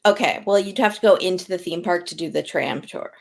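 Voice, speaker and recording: A woman's voice: on the low side, a little fast, creaky. A woman guest on a podcast, chatting casually and dropping teasing quips. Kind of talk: casual chat.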